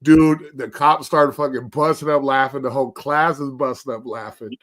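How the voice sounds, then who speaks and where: A man hosting a casual livestream chat, telling profane, animated stories about his past. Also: mid-range voice, normal speed. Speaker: host. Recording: livestream call audio.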